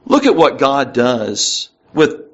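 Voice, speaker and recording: A man's voice: mid-range voice, wildly swooping pitch, slow pace, slightly rough, highs cut off. A man preaching a conversational Bible lesson, reading verses aloud with rising emphasis between casual asides. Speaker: pastor. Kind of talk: Bible teaching sermon.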